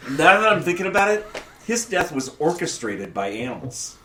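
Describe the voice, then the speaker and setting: A man in casual podcast chat, throwing in quick one-liner quips. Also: a little high, very animated, sharp tone, a little hiss or hum. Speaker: podcast co-host.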